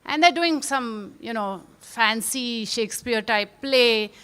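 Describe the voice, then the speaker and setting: A woman speaking as a panel guest, telling a story in a lively, animated way. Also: a little high, takes it slowly, clean tone.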